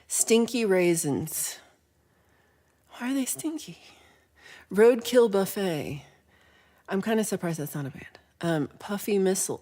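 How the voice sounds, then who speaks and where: Chatty woman hosting a music livestream. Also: mid-range voice. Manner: chatty, laughs often, reads chat comments aloud. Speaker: livestream singer-songwriter host. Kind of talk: casual livestream chat between songs. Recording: faint guitar music behind.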